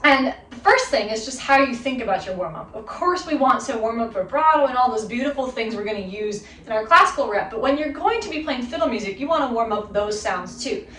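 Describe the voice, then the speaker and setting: A woman's voice: on the high side, lively intonation, fairly quick, hardly any pauses, a bit bright, slight background noise. A woman in her thirties giving a fiddle lesson, upbeat and encouraging, who counts the student in before playing. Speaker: fiddle teacher. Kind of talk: instructional video lesson. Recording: roomy sound from a distance. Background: her violin playing between phrases.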